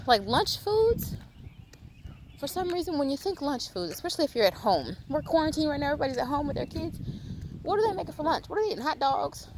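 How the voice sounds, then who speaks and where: A woman with a somewhat high voice scolds her audience in a lively vlog, her pitch swinging up and down. She stacks up rhetorical questions with emphatic repeats, and there is a faint hiss of noise behind her. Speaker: video host. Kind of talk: animated lecturing vlog.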